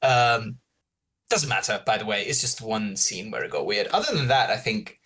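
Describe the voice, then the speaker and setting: A man co-hosting a podcast, telling a story in a lively, animated way. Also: fairly low pitch, normal speed. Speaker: podcast co-host. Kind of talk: casual chat.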